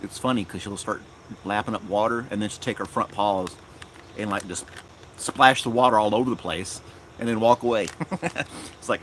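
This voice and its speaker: A man chatting casually on a live stream in his yard, rambling and unhurried, talking fondly to his dog. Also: fairly low pitch, a bit bright, a little hiss or hum. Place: outdoors in a yard.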